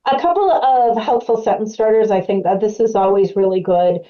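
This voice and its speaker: A woman's voice: mid-range voice, moderate pace, warm tone, muffled recording. A woman presenting an educational webcast as a clinical specialist, explaining in a conversational way with frequent fillers.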